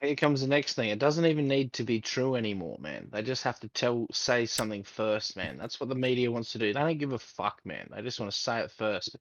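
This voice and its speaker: A man's voice: mid-range voice, expressive, brisk, few pauses, fairly bright tone, no room sound, dull audio. A man co-hosting a casual podcast chat, ranting heatedly with heavy swearing. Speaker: podcast co-host.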